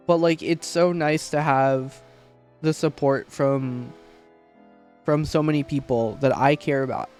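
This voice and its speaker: A man's voice: fairly high pitch, fairly even intonation, unhurried, long pauses, faint music behind. Rambling, swearing young man streamer. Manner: rambling, heartfelt, swears a lot. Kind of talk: casual livestream chat.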